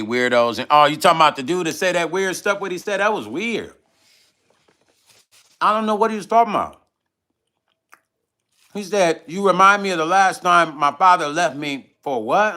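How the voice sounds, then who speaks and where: A middle-aged music vlogger reads out chat messages on a livestream in a fairly high, clear, resonant voice. He's relaxed and loose, laughs often, and rambles from one topic to another.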